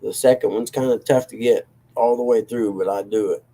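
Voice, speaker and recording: A man's voice: medium pitch, fairly even intonation, brisk, dark tone. A man hosting a livestream, chatting casually with viewers in a rambling, self-deprecating way and chuckling often. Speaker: livestream host reading chat. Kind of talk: casual chat.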